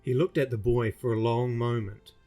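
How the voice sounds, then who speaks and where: A man reading his own fantasy novel aloud in a steady, measured storybook narration. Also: medium pitch, faint music behind.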